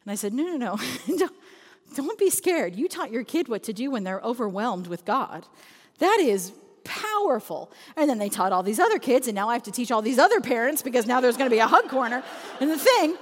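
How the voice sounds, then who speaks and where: Animated woman telling church stories. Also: fairly high pitch, brisk, in a large hall. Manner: animated, laughing anecdotes. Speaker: children's ministry speaker. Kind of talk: storytelling talk.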